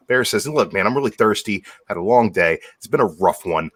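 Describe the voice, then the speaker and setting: A man on a casual live stream, telling a long joke in a deadpan way. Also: fairly low pitch, brisk, few pauses, slightly rough, dry recording, clean studio sound. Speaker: stream guest.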